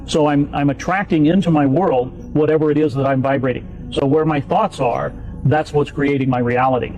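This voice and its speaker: A man's voice: a little high, fairly even intonation, normal speed, a little mellow, dull audio, faint music behind. A man explaining an idea step by step with everyday examples, in a clip played on a podcast. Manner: plain teaching tone with everyday examples. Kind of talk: explanatory talk.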